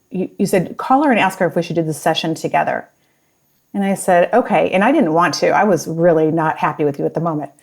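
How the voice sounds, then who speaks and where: A woman's voice: on the low side, darkish tone. A woman in her fifties, a guest on a conversational show, telling a story and acting out the quoted lines. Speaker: guest, business partner. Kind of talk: casual conversation.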